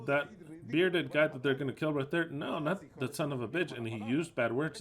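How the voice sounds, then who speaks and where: A man's voice: a little high, normal speed. A man giving a live spoken interpretation of a sermon talk, agitated and emphatic, cursing and repeating himself. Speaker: interpreter voicing the preacher.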